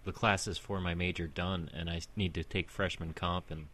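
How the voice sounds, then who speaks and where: A man's voice: low voice, steady tone, normal speed, fairly bright tone, slight background noise. A man in casual chat with friends, chatty and explaining things at length.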